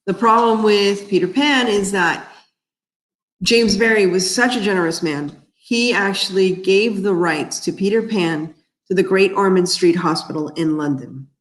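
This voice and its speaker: A woman's voice: medium pitch, unhurried, roomy sound. A woman from Miami, an author hosting a casual livestream, chatting and rambling while she answers viewer comments. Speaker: author and crafting host.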